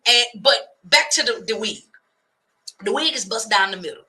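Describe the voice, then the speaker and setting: A woman hosts a radio talk show in an animated comic rant. Her voice is very bright and forceful, and she keeps breaking into preacher-like cadences as she goes. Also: a little high, moderate pace.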